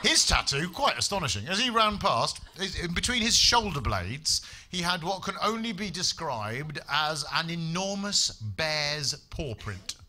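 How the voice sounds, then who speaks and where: A man's voice: a little high, sing-song, unhurried, hardly any pauses, sharp tone. A man doing a stand-up comedy set on a club stage, telling stories in a dry, sardonic way with profane punchlines. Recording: live club with audible room noise.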